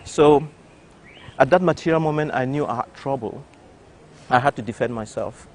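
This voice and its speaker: An older man, a doctor from Cameroon, telling an interviewer his story, animated and full of restarts. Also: mid-range voice, moderate pace. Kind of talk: recounting a personal story. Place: television studio.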